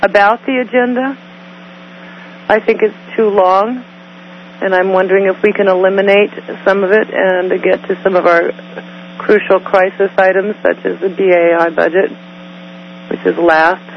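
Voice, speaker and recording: A woman's voice: mid-range voice, fairly even intonation, normal speed, slight background noise. A woman calling into a committee meeting by phone, stating her view plainly and making a motion. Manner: direct, makes motions plainly. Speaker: committee member. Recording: muffled phone line.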